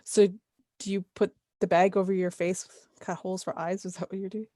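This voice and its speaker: A woman's voice: medium pitch, level tone, a little fast, dark tone, no room sound, clean studio sound. A woman running a tabletop game as game master, describing scenes with many fillers.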